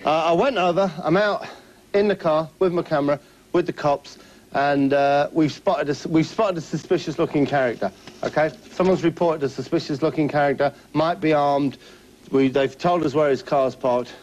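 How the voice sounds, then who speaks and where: A man's voice: a little high, normal speed, a little mellow. A man presenting a spoof TV show in a rambling, hesitant, self-promoting way. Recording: dull lo-fi TV audio, faint noise.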